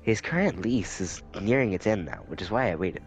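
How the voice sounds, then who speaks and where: A man's voice: fairly low pitch, animated, a little fast, faint music behind. A man voicing a polite, formal middle-aged man who speaks precisely.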